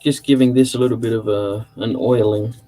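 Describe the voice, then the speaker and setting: A man's voice: mid-range voice, steady tone, brisk, mellow, rough recording. An Australian man hosting a woodworking livestream, chatting casually and rambling with fillers while he works. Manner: laid-back, rambling with fillers. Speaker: woodturning livestream host. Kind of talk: casual chat while working. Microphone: desk mic, caller heard on speakers.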